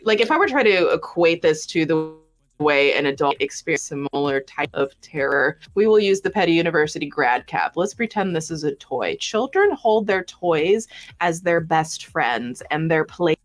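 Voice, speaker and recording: A woman's voice: deep voice, expressive, moderate pace. A woman giving sassy, sarcastic commentary on a casual livestream, swearing freely. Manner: sassy, profane, sarcastic asides. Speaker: commentary vlogger.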